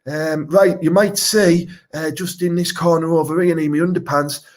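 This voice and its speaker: A man's voice: on the high side, steady tone, moderate pace, natural voice. A man with a Teesside accent playing a crude, boastful local superhero wannabe, rambling and swearing through a live comedy Q&A. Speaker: comic superhero character.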